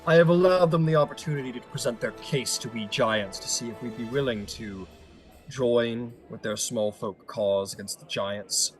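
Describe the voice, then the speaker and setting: A man voicing a formal, measured male giant captain. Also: mid-range voice, faint music behind, close to an everyday voice.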